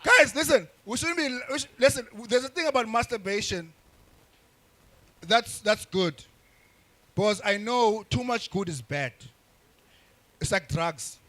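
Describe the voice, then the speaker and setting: A young man doing crude, rambling stand-up comedy with frequent restarts and shouted bursts. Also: high-pitched, expressive, unhurried, long pauses. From South Africa.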